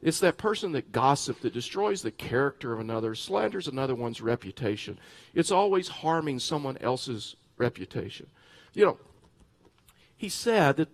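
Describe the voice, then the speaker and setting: A man pastor preaching a sermon, telling a story with animated, repeated phrases and restarts. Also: medium pitch. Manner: animated storytelling with bursts of laughter.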